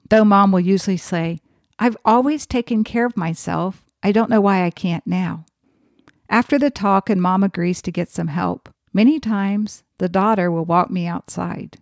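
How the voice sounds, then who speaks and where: Woman podcast host and nurse, calm and explanatory, mid-range voice, dry close mic. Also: medium pitch, creaky, no room sound. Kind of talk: storytelling podcast monologue.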